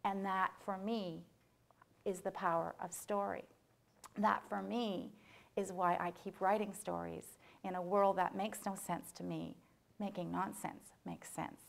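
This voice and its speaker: A woman's voice: medium pitch, fairly even intonation, a little slow, vocal fry. A middle-aged woman giving a lecture, animatedly retelling a story with quoted voices and asides. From Canada. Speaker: author giving a memorial lecture.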